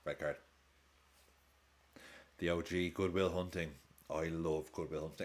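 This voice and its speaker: A man's voice: deep voice, moderate pace, pauses often. A man in his thirties chatting casually during a live football watch-along, reacting to the match and swearing freely as he jumps between topics.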